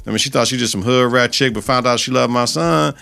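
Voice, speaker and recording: A man hosting a podcast, giving a casual, animated recap of a TV episode full of profanity. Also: medium pitch, fast, vocal fry, smooth. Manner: animated and profane, acts out scenes. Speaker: podcast host.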